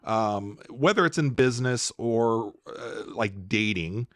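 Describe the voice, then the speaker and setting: Low-voiced man hosting a podcast. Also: takes it slowly, dry recording. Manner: relaxed, asks questions with small restarts. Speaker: podcast host. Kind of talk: casual interview chat. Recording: dry close-mic sound.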